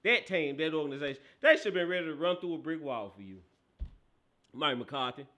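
A hoarse man hosting a casual football talk show, loud and excitable, talking in slang. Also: a little high, fairly quick. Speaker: sports talk show host.

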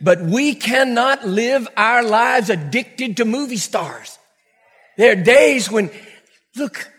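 A man's voice: sits high, animated, unhurried, fairly bright tone, husky, long reverb tail. A middle-aged man preaching a sermon to a congregation, telling stories animatedly with acted-out quotes and laughter. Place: church hall before a congregation.

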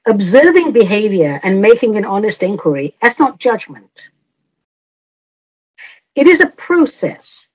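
A woman's voice: mid-range voice, darkish tone, husky, low-quality recording. A woman hosting an advice podcast, answering listener letters in a playful, teasing way and laughing often.

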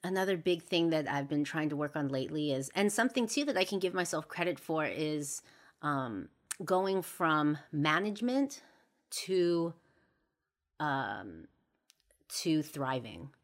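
Low-voiced woman musing candidly. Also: very animated, a little slow. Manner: reflective, earnest, many fillers and restarts. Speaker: podcast host. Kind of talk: candid personal monologue.

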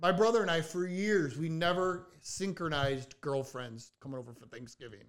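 A man's voice: a little high, moderate pace. A man telling a story in casual podcast chat, acting out quotes with a raised voice. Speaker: podcast co-host.

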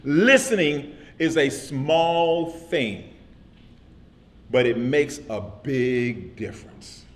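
A man's voice: mid-range voice, animated, drawn-out words. A man preaching a sermon in casual, everyday speech. He repeats phrases and keeps asking "amen?" of his listeners. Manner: repetitive call-and-response preaching with frequent "amen?". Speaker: pastor.

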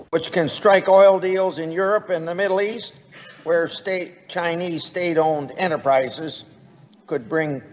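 Slow, deliberate man speaking in an echoing hall. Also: a little high. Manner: slow, deliberate, reading quotes aloud. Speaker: senator giving a speech. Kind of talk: formal prepared speech. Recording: dull, lo-fi recording in a long-reverb hall.

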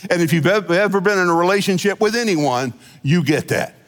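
A man preaching from the pulpit, his voice high and swooping with lively pitch. He mixes folksy chuckles and asides into his teaching. The sound carries a long reverb from a church sanctuary. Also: fairly quick. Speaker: senior pastor. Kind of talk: sermon.

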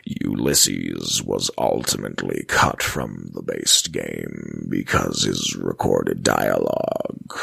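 Man voicing a grave male wanderer from a game: very low, slow, clipped phrasing with dropped words. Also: fairly even intonation, vocal fry, fairly bright tone, husky, full character voice. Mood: solemn. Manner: drawn-out, halting speech that leaves out words.

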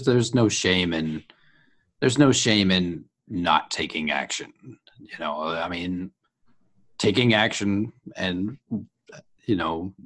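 A man playing a slow, deep-voiced adventurer. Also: a bit bright, full character voice. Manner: slow, measured, halting.

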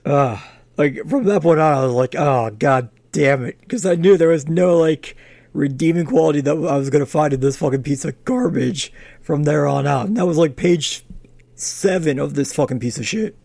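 A man with a gravelly, dark-toned voice rants in casual chat, exasperated and swearing constantly. His pitch sits a bit high for a man, and the recording is dry and close. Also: moderate pace, no room sound. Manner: ranting, exasperated, heavy swearing. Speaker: comic review podcast co-host.

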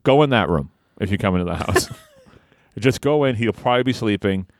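A man hosting a podcast, reading a comic story in a deadpan, joking way and chatting with his co-hosts. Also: fairly low pitch, brisk, dry recording.

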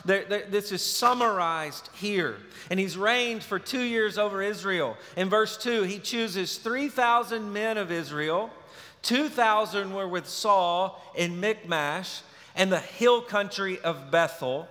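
A male pastor preaching a sermon, telling a story in a relaxed, conversational way. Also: high voice, slow. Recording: long reverb of a large hall.

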